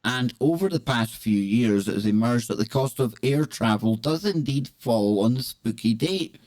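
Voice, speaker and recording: Guy hosting a live chat show, jokey and playful, mid pitch. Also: animated, normal speed, a little mellow. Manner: jokey, playful, breaks into laughs and exclamations. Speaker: host.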